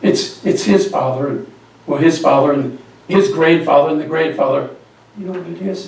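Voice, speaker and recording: Guy preaching, storytelling, a bit high voice, super echoey church, mic kinda far. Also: normal speed, vocal fry, darkish tone, slight background noise. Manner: storytelling, asks the congregation questions. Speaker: pastor. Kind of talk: sermon. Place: church sanctuary.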